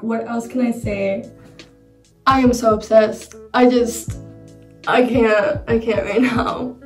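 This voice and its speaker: Gushing young woman, echoey and distant. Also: on the high side. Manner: gushing, excitable, dramatic. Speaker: beauty vlogger. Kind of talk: casual makeup review. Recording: roomy echo, mic far off.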